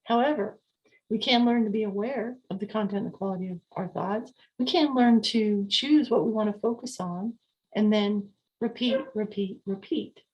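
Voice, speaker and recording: A woman hosting a podcast, talking calmly and repetitively as she coaches listeners on slowing down and mindfulness. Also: mid-range voice, muffled recording. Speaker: podcast host. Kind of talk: calm podcast talk on sleep and mindfulness.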